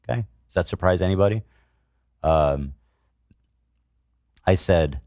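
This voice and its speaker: Deep-voiced, indignant male podcast host. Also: measured pace, long pauses, a little mellow, no echo. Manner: indignant, swears, reads comments aloud with sarcasm. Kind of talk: heated commentary monologue.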